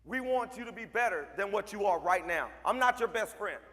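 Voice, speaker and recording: High-voiced man speaking emphatically in a hall. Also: animated, fairly quick, pushed and bright. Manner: emphatic, storytelling, repeats for effect. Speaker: motivational speaker and mentor. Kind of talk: speech to a school assembly. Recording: long hall reverb.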